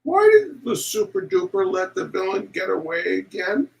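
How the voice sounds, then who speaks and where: A man's voice: high voice, big pitch swings, normal speed, vocal fry, recorded from a distance, pitched above the performer's own voice, full character voice, low-quality recording. A man reading aloud, voicing a frightened, tearful little boy. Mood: scared.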